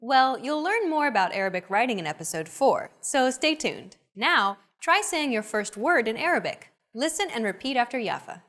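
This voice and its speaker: Lesson host: young woman, lively pitch, bright and clear delivery. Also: moderate pace, hardly any pauses. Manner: upbeat, clear teaching delivery. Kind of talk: scripted instructional narration.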